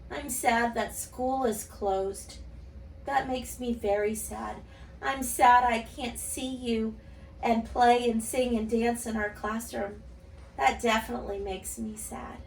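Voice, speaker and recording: A woman speech teacher reading and talking gently to young children in an online lesson. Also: on the high side, a little hiss or hum. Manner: gentle, slow, sing-song storytelling to kids. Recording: echoey room, voice a bit far from mic.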